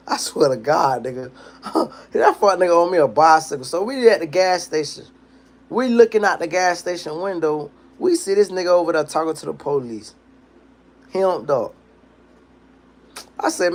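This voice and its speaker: A man's voice: fairly high pitch, moderate pace, pauses often. A young man hosting a livestream, casually telling a long profane story and acting out the people in it. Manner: animated, profane street storytelling, acts out quotes. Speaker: livestream host.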